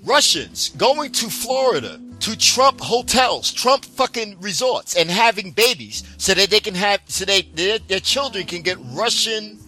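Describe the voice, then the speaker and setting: A man with a bright, forceful voice rants about politics, swearing constantly and dripping with sarcasm. His pitch sits a little high for a man. Faint music plays underneath. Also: expressive, a little slow, hardly any pauses. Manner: heated, profane, sarcastic. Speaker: political commentator. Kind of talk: profane political rant.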